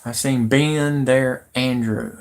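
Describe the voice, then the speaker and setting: A man's voice: mid-range voice, steady tone, takes it slowly. Rambling, agitated man ranting on a stream. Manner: agitated, rambling, rising into shouty outbursts. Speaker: live-stream host. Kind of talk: rambling live-stream rant.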